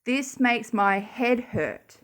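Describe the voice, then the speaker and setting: A woman's voice: fairly high pitch, expressive, slow pace, fairly bright tone, clear, resonant tone. Sarcastic, swearing Australian woman ranting. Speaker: YouTube commentator. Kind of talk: reading and reacting to social media posts.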